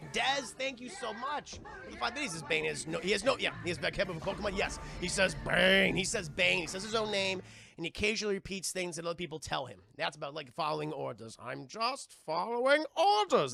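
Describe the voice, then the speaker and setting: A man giving a casual live-stream film review, animated and profane, talking straight to his chat. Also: high voice, fast, gravelly.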